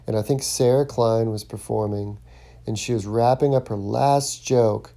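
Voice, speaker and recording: Guy doing a comedy podcast alone, low-key gravelly voice, kinda dark and mellow, rambles w lots of ums. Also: steady tone, unhurried. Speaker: podcast host, stand-up comic. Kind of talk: casual solo monologue.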